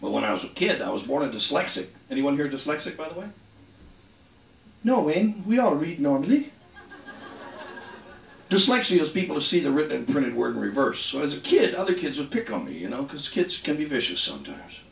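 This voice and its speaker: A man's voice: mid-range voice, sing-song, fast, vocal fry, few pauses, fairly bright tone. A man doing a rambling, crude stand-up set on a comedy club stage. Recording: roomy club sound, mic at a distance.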